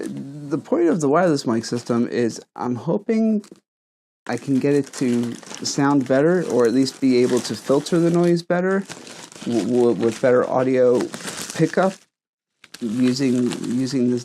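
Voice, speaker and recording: A man's voice: mid-range voice, warm tone, a little hiss or hum. A man reviewing gadgets in a casual vlog, rambling and stuttering, repeating words as he talks into a wireless lapel mic at home. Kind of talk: casual vlog talk to camera. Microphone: wireless lavalier mic.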